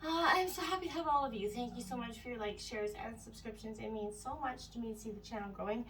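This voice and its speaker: A woman's voice: on the high side, fast, distant mic, noisy background. A woman giving a casual tarot reading, a little out of breath, meandering and full of "you know" and "right?". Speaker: tarot reader.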